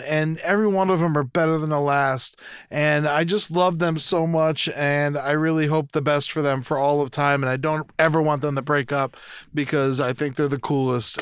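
A man's voice: a little high, a bit bright, clear, resonant tone, no echo, studio quality. A young man co-hosting a podcast in casual chat, rambling and swearing freely. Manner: rambling, profane, laughs at own jokes. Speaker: podcast co-host.

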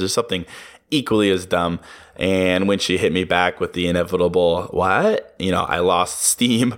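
A man's voice: low-pitched, steady tone, moderate pace, a bit bright, clear, resonant tone. A young man hosting a solo podcast, talking candidly, swearing freely and laughing at himself. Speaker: podcast host. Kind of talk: casual solo podcast monologue.

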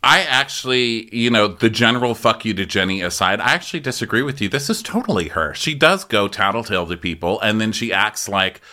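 A man's voice: on the low side, brisk, hardly any pauses, pushed and bright. A man co-hosting a podcast, chatting casually in a sarcastic, profane way and laughing often. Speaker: podcast co-host. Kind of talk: casual recap chat.

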